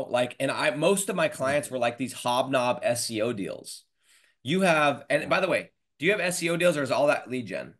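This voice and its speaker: A man in his thirties hosting a podcast over a video call, talking fast and casually with lots of "dude" and "bro". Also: medium pitch. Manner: energetic, slangy, says dude and bro. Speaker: podcast host. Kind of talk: casual interview chat.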